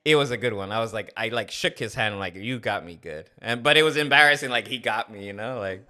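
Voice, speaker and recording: A middle-aged man hosts a casual podcast, his voice bright and forward. He tells stories loosely, with plenty of "uh" and "like" between the beats, and his tone stays smooth and resonant. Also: fairly low pitch, brisk. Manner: rambling, filler-heavy storytelling. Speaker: podcast host. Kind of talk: casual storytelling chat.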